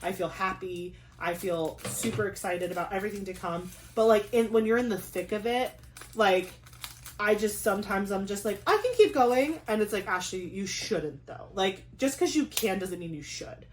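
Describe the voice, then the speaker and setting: A young woman chatting casually on her craft vlog, talking fast with lots of "like" and quick asides. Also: medium pitch, a little hiss or hum. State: pregnant. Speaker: craft vlogger. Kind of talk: casual chat.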